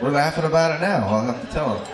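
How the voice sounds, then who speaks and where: Deadpan stand-up man in an echoey club. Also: a little high, quick pace, heavy background noise. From Austin, Texas. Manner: deadpan one-liners with small dry asides. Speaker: stand-up comedian. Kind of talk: stand-up set. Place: comedy club stage with a laughing crowd. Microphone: handheld stage mic. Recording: echoey club with crowd laughter.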